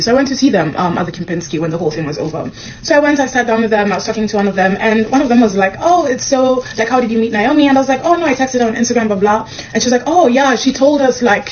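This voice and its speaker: A young woman from Kenya, a comedian, telling a personal story to camera in a casual, animated way, acting out the dialogue. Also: dull audio, a little hiss or hum. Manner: animated, acts out the dialogue with quick pitch jumps.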